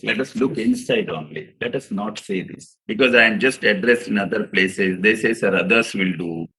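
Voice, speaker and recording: A man's voice: fairly low pitch, moderate pace, pushed and bright, low-quality recording. A man giving an earnest seminar lecture to fellow chartered accountants, telling stories and calling his listeners "sir". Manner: earnest, addresses audience as "sir", acts out quotes.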